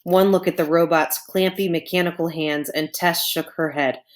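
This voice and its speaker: A woman's voice: lowish voice, fairly even intonation, normal speed. A woman reading a chapter book aloud to children, adding chatty asides to her young listeners. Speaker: storyteller. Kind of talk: children's storybook read-aloud.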